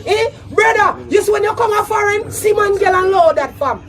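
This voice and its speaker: A Jamaican man in a shouty patois diss rant, laughing loudly between threats. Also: very high-pitched, normal speed, recorded from a distance, a faint crowd. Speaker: social media personality. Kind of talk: angry diss rant to camera.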